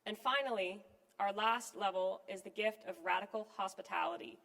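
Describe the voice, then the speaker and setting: Woman reading out a donation pitch, steady and earnest, lots of hall reverb ringing behind her. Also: creaky. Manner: measured, earnest delivery. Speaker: fundraising appeal speaker. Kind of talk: scripted fundraising speech. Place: event venue with live and online audience. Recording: long reverb from a large hall.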